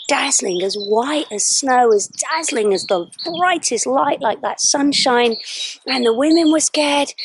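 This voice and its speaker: Animated woman telling a story outdoors. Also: a little high, slight background noise. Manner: animated, exclaiming, drops to hushed tones for dramatic moments. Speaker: school assembly presenter. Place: outdoors on a hill at sunrise with a dog. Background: birdsong.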